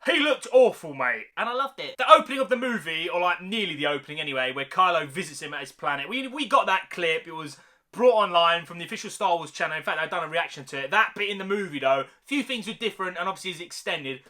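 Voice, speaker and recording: A young man giving a casual, excited film review, full of slang, who keeps tagging sentences with "mate" and "man.". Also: high voice, fast talker.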